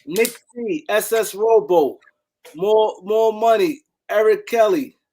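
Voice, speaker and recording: High-voiced excitable male stream host. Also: slow, noisy background. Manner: animated, repeats words, shouts out viewers by name. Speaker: show host. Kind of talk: casual live-stream sports talk.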